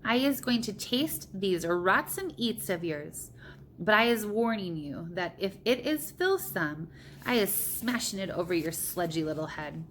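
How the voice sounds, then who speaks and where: A woman voicing a huge, greedy man-eating male giant who roars and bellows slowly. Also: mid-range voice, animated, slight background noise, close to an everyday voice. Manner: roaring and bellowing, slow and menacing.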